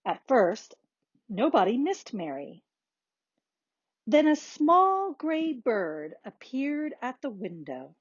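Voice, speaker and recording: A woman slowly reading a children's picture book aloud in a soft, expressive manner. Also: fairly high pitch, breathy edge, no echo, lo-fi sound. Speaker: narrator. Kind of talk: slow storybook read-aloud.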